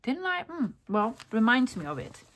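A woman vlogger happily shows off her thrift-store haul in a casual, chatty show-and-tell, rambling enthusiastically with lots of fillers and self-corrections. Her voice is a little high and very animated, at a moderate pace.

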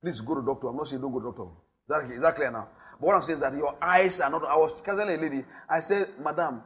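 A pastor with a Nigerian accent preaches a sermon in church, speaking emphatically, repeating phrases, and swinging between loud and hushed. His voice is a little high and fast, and the sound is lo-fi.

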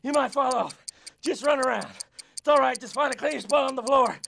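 A man acting as a coach, leading a one-minute exercise break with loud rallying calls and jokes. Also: very high-pitched, fairly quick, vocal fry, a little hiss or hum. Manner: counts down and chants along while exercising. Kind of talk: energetic workout instruction.

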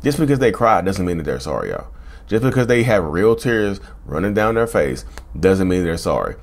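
He's a YouTube host addressing his viewers in a relaxed, on-camera chat, often repeating himself and leaning on "y'all." His voice sits low, swings widely in pitch, and moves at a moderate pace.

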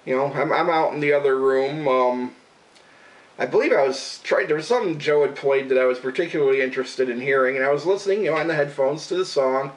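A man's voice: medium pitch, fast, recorded from a distance, low-quality recording. A man ranting casually, rambling and swearing, with an exasperated, disbelieving manner. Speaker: radio show regular and vlogger. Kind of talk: casual profane rant to camera.

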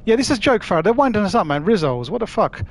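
Chatty London streamer, fairly high voice. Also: male voice, big pitch swings, racing, slight background noise. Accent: London Cockney. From London, England. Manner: chatty, matey, swears freely, calls viewers mate and dude. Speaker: gaming livestreamer. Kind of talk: casual live-stream chat with viewers.

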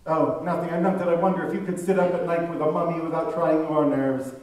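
A man voicing a secretive, high-strung male scholar of antiquities who muses in a guarded, lecturing way, recorded in an echoey room from far off. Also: flat delivery, fast talker, a little mellow, close to an everyday voice. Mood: shaky.

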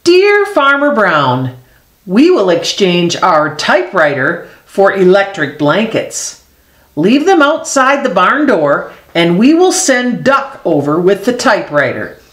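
A woman's voice: medium pitch, big pitch swings, slow. A woman voicing a group of polite cows reading out their typed letters formally in a storybook. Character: polite typing cows writing notes. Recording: echoey room.

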